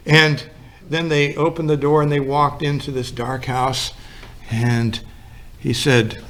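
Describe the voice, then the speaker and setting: A man's voice: a little high, level tone, slow pace, fairly bright tone. A male pastor giving a sermon in a folksy storytelling manner, acting out the lines of the people in his story.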